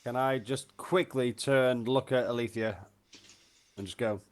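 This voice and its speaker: A man's voice: mid-range voice, steady tone, measured pace. A man playing a tabletop game, talking through his moves hesitantly. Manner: hesitant, thinking aloud with fillers. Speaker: player.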